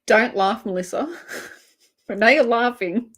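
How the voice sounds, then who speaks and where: A woman's voice: on the high side, lively intonation, takes it slowly, fairly bright tone, slightly rough. An Australian woman hosting a casual livestream, giggling often and chatting as she reads viewer comments aloud. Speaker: crochet livestream host. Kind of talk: casual live-chat banter.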